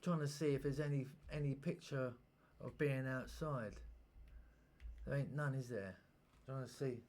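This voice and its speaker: A man's voice: mid-range voice, unhurried, a little mellow. A man hosting a reaction video, talking casually with slang and swearing.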